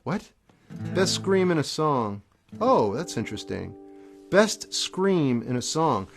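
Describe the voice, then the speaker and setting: A man's voice: fairly high pitch, very animated, takes it slowly, gravelly. Offhand middle-aged man over guitar. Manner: offhand, reads viewer questions aloud and answers briefly. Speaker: musician hosting a livestream. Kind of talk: casual livestream chat between songs. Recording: acoustic guitar playing behind the voice.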